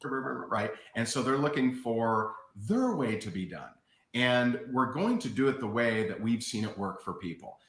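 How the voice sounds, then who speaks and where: A man's voice: medium pitch, lively intonation, measured pace. A man coaching an audience in an earnest, encouraging way, in a played clip. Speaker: business coach. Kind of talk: coaching talk. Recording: echoey room in played clip.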